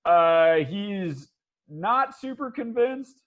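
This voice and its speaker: A man's voice: high-pitched, animated, drawn-out words, phone-quality sound. Hesitant game master, a man. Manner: hesitant, many restarts and fillers. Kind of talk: narrating a tabletop game.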